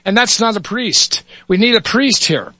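A man's voice: sits high, lively intonation, moderate pace, sharp tone, dry recording, voice pushed up, full character voice. A man voicing a flustered police officer calling out urgently. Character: Irish street cop, flustered and loud.

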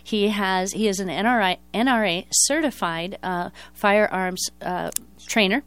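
A woman's voice: medium pitch, unhurried, fairly bright tone, smooth, dry recording. A middle-aged woman hosting a talk show, talking earnestly in a casual interview, often correcting herself mid-sentence. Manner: earnest, talkative, frequent self-corrections.

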